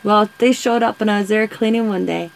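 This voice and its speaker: A woman's voice: mid-range voice, a little fast, creaky, rough recording. A woman vlogger chatting casually with viewers, telling rambling stories and answering comments. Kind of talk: casual live-stream chat.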